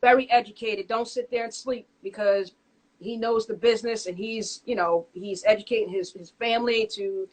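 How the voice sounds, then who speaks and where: A woman's voice: on the high side, fairly even intonation, normal speed. A woman DJ with a Rhode Island accent, chatting emphatically on a video call and repeating herself for hype. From Rhode Island, USA. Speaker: DJ, battle contestant. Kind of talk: casual interview chat.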